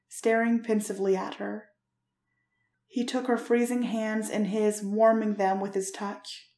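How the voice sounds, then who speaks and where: A woman narrating a romance fanfiction story in a gentle, expressive reading voice. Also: medium pitch, echoey room.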